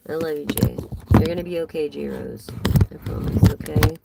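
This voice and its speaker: A woman's voice: deep voice, steady tone, normal speed, gravelly, heavy background noise. A woman giving a casual live tarot reading, chatty and rambling as she talks straight to her viewers. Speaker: tarot reader.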